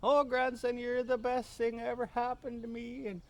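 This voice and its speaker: A man voicing a tipsy, tearful elderly grandmother who dotes on her grandson with drawn-out, pleading endearments. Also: extremely high pitch, monotone, pitched above the performer's own voice. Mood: tearful doting.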